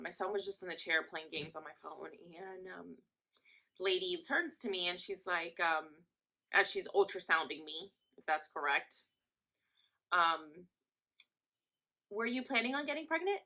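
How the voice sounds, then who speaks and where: A young woman vlogger in casual storytime, telling an anecdote in a lively, chatty way. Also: fairly low pitch, unhurried. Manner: chatty, animated storytelling that acts out quotes.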